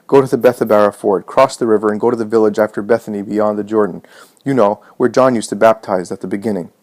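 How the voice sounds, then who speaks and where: A man reading the part of an anxious, determined mistress giving hushed, urgent instructions to a servant, in a low voice. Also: fairly even intonation, fast, lightly acted.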